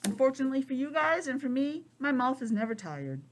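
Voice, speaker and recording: A middle-aged woman teacher in a classroom, reading aloud to young children with lively, chatty asides. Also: sits high, fast. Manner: chatty, expressive, drifts into personal asides. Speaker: preschool teacher.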